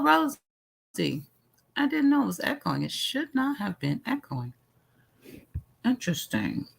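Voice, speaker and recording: A livestream host talks casually over a home mic and answers viewers by name as they come up. The voice has a gravelly, fry-edged texture. The delivery is loose and conversational. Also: medium pitch, a bit bright. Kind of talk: casual chat commenting on a clip.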